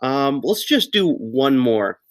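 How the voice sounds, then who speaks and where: A man's voice: mid-range voice, sing-song, slow. A male teacher giving a recorded writing lesson to second graders, upbeat and encouraging with playful exclamations. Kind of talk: recorded lesson for young children.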